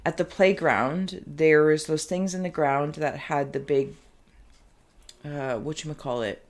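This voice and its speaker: A woman reading cards in a reflective, wandering way, often pausing to search for the right word. Her voice sits low and carries a gravelly fry. Her throat sounds phlegmy. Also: steady tone. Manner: meandering, searching for words, slow and reflective. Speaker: tarot card reader. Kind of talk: intuitive pick-a-card reading.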